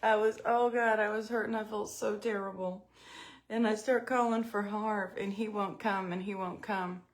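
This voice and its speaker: A woman's voice: medium pitch, steady tone, moderate pace. A middle-aged woman chatting at home in a casual storytelling vlog while doing her makeup, self-mocking and talkative.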